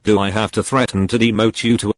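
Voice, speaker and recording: A man's voice: fairly low pitch, level tone, quick pace, a little hiss or hum, lightly acted. A man reading the lines of a short-tempered crime boss in a fan story, threatening and angry.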